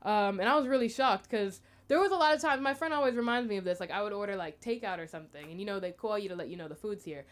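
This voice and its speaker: A woman's voice: medium pitch, fast, hardly any pauses. A young American woman doing rambling stand-up at an open mic, chatty and full of fillers. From United States. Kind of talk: stand-up comedy.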